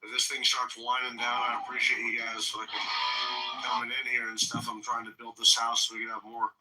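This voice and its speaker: A man's voice: mid-range voice, monotone, fairly quick, recorded from a distance, loud music behind the voice, poor audio. A man hosting an audio chat room, talking loosely about politics with lots of fillers and swearing. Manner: rambling, many fillers and profanity.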